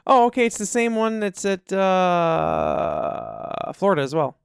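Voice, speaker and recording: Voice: mid-range voice, wildly swooping pitch, creaky, smooth, dry recording, studio quality. A podcast co-host in easygoing casual chat, with teasing asides. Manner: laid-back, quick reactions and teasing asides. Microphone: studio dynamic mic.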